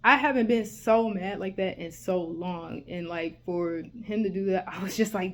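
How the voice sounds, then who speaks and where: A young woman telling a school story in a casual vlog, animated and heated, with lots of fillers and swearing. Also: on the low side, moderate pace, few pauses, slight background noise.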